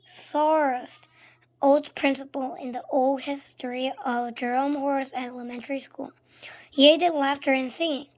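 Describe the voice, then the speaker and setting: A woman reading a children's book aloud, expressive and sometimes dropping to a hush. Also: high voice. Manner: expressive, shifting between loud and hushed. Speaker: storybook reader.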